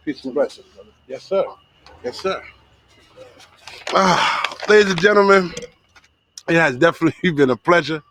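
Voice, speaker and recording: A man co-hosting a casual podcast outdoors at night, excitable, yelling and laughing loudly. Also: a little high, a little hiss or hum. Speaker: podcast co-host. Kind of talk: casual chat.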